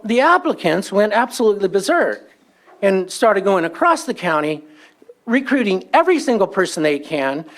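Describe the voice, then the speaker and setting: A man giving public comment at a county meeting, telling an aggrieved story and acting out the exchanges he quotes. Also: sits high.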